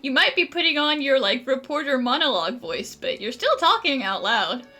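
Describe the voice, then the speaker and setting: A woman's voice: high-pitched, big pitch swings, moderate pace, pushed and bright. A woman casually commenting on a game she plays, joking and laughing often. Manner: jokey, laughs often, mock-dramatic. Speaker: gaming streamer. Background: game music.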